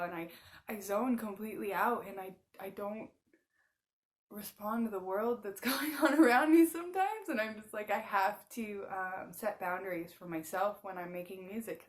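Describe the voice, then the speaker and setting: A woman in her thirties talking casually to camera, rambling with lots of filler words and laughing often. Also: mid-range voice. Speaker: spiritual channeler and musician. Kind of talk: casual monologue.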